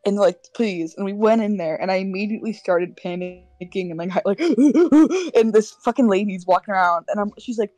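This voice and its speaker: A woman's voice: medium pitch, fairly quick, few pauses, darkish tone, no echo. Rambling woman chatting dryly. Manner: rambling storyteller, many fillers. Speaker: gaming co-host. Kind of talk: casual chat while gaming.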